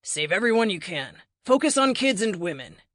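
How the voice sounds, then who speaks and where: A woman's voice: mid-range voice, big pitch swings, moderate pace, a bit bright, no echo, clean studio sound. A woman voicing a young male superhero leader, sarcastic and commanding.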